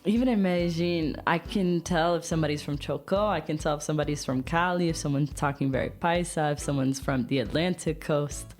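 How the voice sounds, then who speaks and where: A woman co-hosting a podcast as an English teaching assistant, in a relaxed way of talking with easy laughter. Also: low-pitched, soft background music. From United States. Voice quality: relaxed, laughs easily, drawn-out phrasing. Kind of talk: casual podcast chat.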